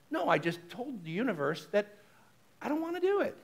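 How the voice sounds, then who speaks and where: A male minister giving a conversational sermon, animated and chatty, often checking in with the congregation. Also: sits high, brisk. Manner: chatty, frequently asks the congregation "right?"; animated, shifts between loud exclamations and soft asides.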